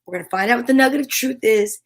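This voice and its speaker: A middle-aged woman hosting a live show for children, bubbly and playful, reading names from the chat and chatting warmly. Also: a little high, quick pace, vocal fry. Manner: bubbly, playful, sing-song. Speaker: children's livestream host.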